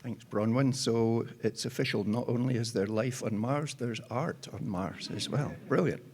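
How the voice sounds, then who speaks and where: Male moderator, mid-pitched, brisk intros with a light quip; faint noise under the mic. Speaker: panel moderator. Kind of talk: introducing speakers.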